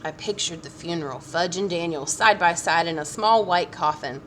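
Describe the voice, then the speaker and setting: A woman reading a children's novel aloud in an expressive, lively way. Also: fairly low pitch, moderate pace, slight background noise. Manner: expressive, lively voicing of the story. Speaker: audiobook reader.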